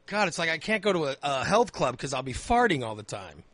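A man hosts a call-in chat with a high voice that swings about animatedly. His tone is bright and forceful, close and dry, and he teases his caller bluntly with crude humor. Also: very animated, fairly quick, no room sound. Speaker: host.

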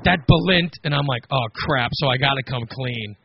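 A man's voice: mid-range voice, normal speed, gravelly, dull audio, background noise. A man on a podcast telling a story in a casual chat, acting out the quoted lines and laughing as he goes. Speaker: podcast co-host.

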